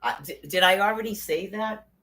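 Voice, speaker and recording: A woman's voice: mid-range voice, a little fast, fairly bright tone, slight background noise. A woman in an angry, profane rant, firing off sarcastic rhetorical questions.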